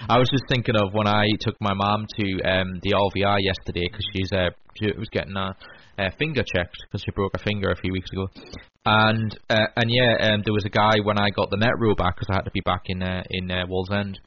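Male co-host, deeper voice, loose rambling delivery, muffled broadcast audio. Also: steady tone, brisk. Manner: rambling, many fillers and restarts. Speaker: podcast co-host. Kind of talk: casual chat. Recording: lo-fi radio broadcast with faint hiss.

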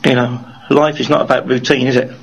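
A man's voice: medium pitch, little pitch movement, fairly quick, vocal fry, husky, poor audio. A middle-aged man with a mixed Birmingham and Geordie accent, rambling through his life story in an interview and often ending with tag questions. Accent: mixed Birmingham, Geordie and Welsh. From Wales, raised in Birmingham.

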